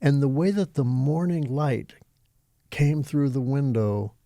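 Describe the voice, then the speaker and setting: A man's voice: medium pitch, lively intonation, slow pace, warm tone, dry recording, studio quality. An older man from Texas, a yoga teacher and interview guest, telling his stories vividly and with animation. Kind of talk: storytelling interview.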